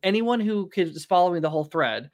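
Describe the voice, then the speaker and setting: A man's voice: sits high, expressive, brisk, dry recording, clean studio sound. A man hosting a casual podcast, rambling and laughing mid-sentence as he tells stories. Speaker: podcast host.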